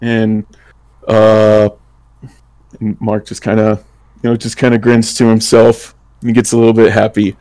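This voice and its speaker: A man playing in a tabletop role-playing game, talking in a relaxed, rambling way and laughing often. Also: fairly low pitch, measured pace, long pauses, clear, resonant tone. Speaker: player.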